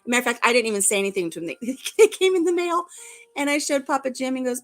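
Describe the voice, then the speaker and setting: A woman's voice: high voice, expressive, quick pace. An older woman hosting a casual live-stream chat, chatty and laughing easily at herself. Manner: chatty, laughing, self-deprecating. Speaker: vlog host.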